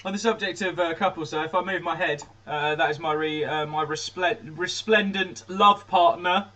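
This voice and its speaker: A man's voice: on the high side, steady tone, moderate pace, sharp tone. A man from Birmingham, chatting casually and jokingly while producing music on a live stream, his throat a little sore. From Birmingham, England. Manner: jokey, self-mocking, laughs often. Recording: distant mic, music playing behind.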